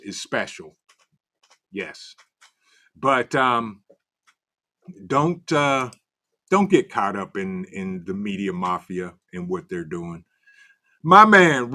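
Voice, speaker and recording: A man's voice: medium pitch, pushed and bright. A man hosting a casual livestream, greeting viewers from the chat by name in a loose, way. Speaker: livestream host.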